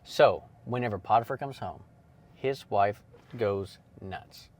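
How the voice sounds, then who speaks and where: A young man hosting a casual Bible teaching from inside a parked car, telling the story in an animated way with lively asides, while crickets chirp outside. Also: fairly low pitch, takes it slowly. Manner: animated storyteller acting out quoted lines. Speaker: ministry host.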